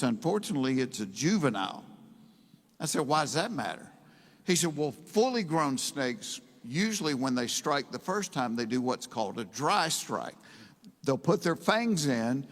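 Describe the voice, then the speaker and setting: A man doing stand-up, telling a drawling, deadpan story on stage and punching up the loud punchlines. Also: medium pitch. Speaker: stand-up comedian. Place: stage in a large hall. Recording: hall reverb.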